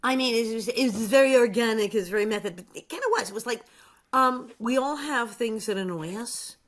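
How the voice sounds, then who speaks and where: A woman in her sixties, an actress guest chatting casually and telling animated stories with acted-out quotes. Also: on the high side, a little fast. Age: 60s. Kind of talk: casual chat.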